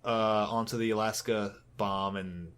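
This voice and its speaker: A man's voice: fairly low pitch, fairly even intonation, measured pace, a bit bright, clear, resonant tone. Man recapping a comic, loose and rambling. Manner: rambling, laughing, swears casually. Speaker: podcast co-host. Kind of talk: casual comic book recap.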